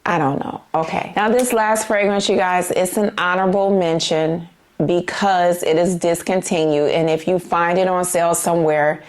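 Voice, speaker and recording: A woman's voice: fairly low pitch, steady tone, moderate pace. A woman chatting casually to camera as a perfume vlogger, gushing and saying you guys and y'all.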